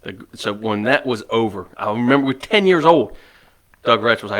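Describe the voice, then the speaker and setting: A man's voice: medium pitch, animated, a little fast, a bit bright. A man in his forties co-hosting a casual podcast, bantering with enthusiasm and nostalgia. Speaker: co-host. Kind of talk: casual chat.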